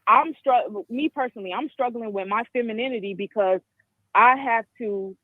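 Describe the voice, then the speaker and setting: Caller, woman, 20s, from the Caribbean; frank, halting, lots of restarts; dry phone audio. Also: fairly high pitch, dry recording. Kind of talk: call-in commentary. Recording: tinny dry phone line.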